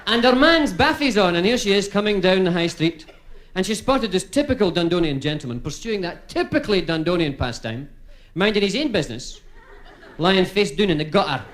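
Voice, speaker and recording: A male stand-up comedian with a Dundee Scottish accent, telling jokes to a crowd in a chatty, punchline-driven way. His voice sits high and swings around a lot. It is live stand-up comedy. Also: very animated, brisk, fairly bright tone. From Dundee, Scotland.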